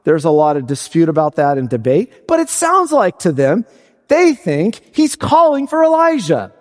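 A man preaching a sermon as pastor, slow and deliberate, climbing to high emphatic peaks. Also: big pitch swings. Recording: long hall reverb.

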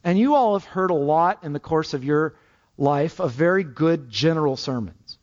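A man's voice: fairly high pitch, big pitch swings, normal speed, lo-fi sound. A man preaching a sermon, emphatic and repeating his key phrases for weight.

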